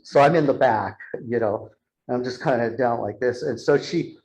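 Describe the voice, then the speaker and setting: A man giving a live talk to an audience, telling an animated story and acting out the dialogue. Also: medium pitch, normal speed, poor audio. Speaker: speaker. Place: church hall with a live audience.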